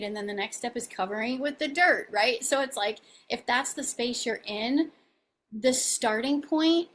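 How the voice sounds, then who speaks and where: A woman's voice: fairly high pitch, fairly bright tone. A woman life coach speaking as a podcast guest in a chatty, casual way, often asking "right?".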